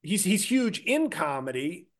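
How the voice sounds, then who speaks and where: A man guesting on a comedy podcast, telling stories in casual chat and acting out other people in a whiny raised voice. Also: unhurried. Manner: animated storyteller, acts out others in a high whiny voice.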